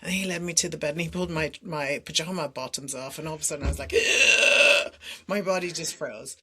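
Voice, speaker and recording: Candid lower-voiced woman telling stories. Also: fast talker, slightly rough. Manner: animated, acts out her own dialogue, laughs between phrases. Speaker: podcast guest, somatic coach. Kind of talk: candid personal storytelling.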